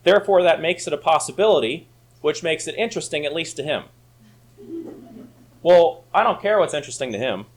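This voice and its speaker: A man's voice: on the high side, lively intonation, brisk, long pauses, a little hiss or hum. A man teaching a church Sunday school class, arguing his points emphatically and reading passages aloud. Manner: emphatic, rising to argue points.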